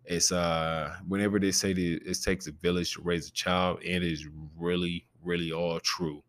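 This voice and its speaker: A man with a gravelly growl in his voice, hosting a podcast in a loose, rambling and profane casual chat. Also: deep voice, flat delivery, moderate pace. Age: adult with a preteen nephew. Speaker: podcast host.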